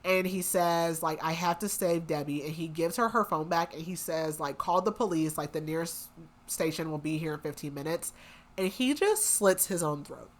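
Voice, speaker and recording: A young woman with a somewhat low voice talks through a story recap for a book podcast. She is casual and rambling, with lots of "like" and "um", and slips into the characters' lines as she goes. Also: moderate pace. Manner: chatty, lots of "like" and "um", acts out quotes.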